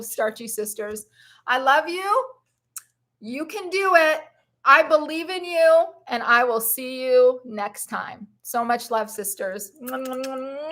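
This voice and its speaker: A woman's voice: a little high, fairly bright tone. A woman hosting a live stream on plant-based eating, talking in an effusive, encouraging and emotional way. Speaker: plant-based lifestyle vlogger. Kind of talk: live-stream motivational chat.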